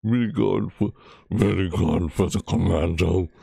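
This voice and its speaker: A man's voice: sits low, a little slow, gravelly, mellow, breathy edge, dry recording, clean studio sound. A man giving casual, rambling reaction commentary on a game, chatty and full of restarts. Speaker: gaming video creator.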